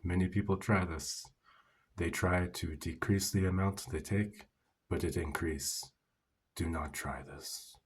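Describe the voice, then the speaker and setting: A stern, worried male shop owner, as a man quotes him speaks in short, grave warnings. The voice sits very low and sounds husky. He is serious and concerned rather than angry. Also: steady tone, measured pace.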